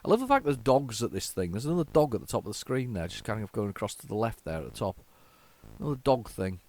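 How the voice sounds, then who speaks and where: A man hosting a casual retro-computing video, chatting in an excitable, rambling and self-mocking way. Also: lowish voice, quick pace. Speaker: host.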